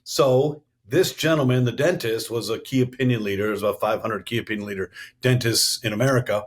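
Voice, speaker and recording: A middle-aged East Coast man, a company CEO appearing as a podcast guest, answers interview questions by telling stories in an earnest, businesslike manner. His voice is lowish and his pace fairly quick.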